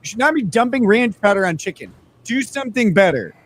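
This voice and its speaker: A man's voice: high voice, very animated, a little fast, a little hiss or hum. A man co-hosting a casual livestream, teasing his partner with profane banter and mock cross-examination. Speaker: livestream co-host.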